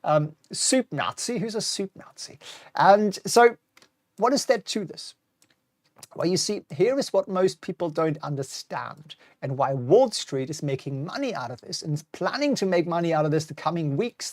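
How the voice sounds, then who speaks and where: A man's voice: a little high, animated, moderate pace, dry recording. A middle-aged man hosting a live-streamed stock market talk, chatty and wry, reading out viewer comments as he goes. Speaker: host.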